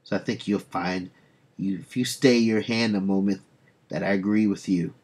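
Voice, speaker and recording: An ancient male sea god speaking in solemn, archaic phrases, as a man reads his comic lines aloud. The voice is husky and lowish, grave and measured. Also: fairly even intonation, darkish tone.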